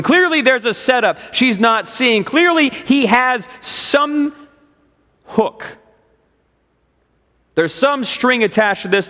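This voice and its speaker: A male preacher tells a story from the pulpit, stacking repeated phrases for dramatic build. His voice sits high for a man. A long church-hall reverb trails his words. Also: bright, forceful tone. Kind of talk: sermon storytelling. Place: church sanctuary.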